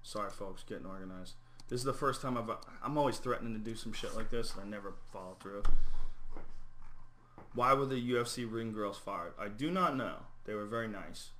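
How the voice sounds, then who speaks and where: A man hosting a podcast, chatting casually, telling stories with lots of swearing and quick mimicry. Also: fairly low pitch, a little hiss or hum. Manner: animated storyteller, swears freely, mimics people. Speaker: podcast host.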